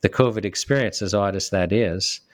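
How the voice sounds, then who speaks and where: A man, a lawyer, speaking earnestly as a guest in an interview, often pausing and restarting as he gets emotional. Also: on the low side, no echo, studio quality. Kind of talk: casual interview talk.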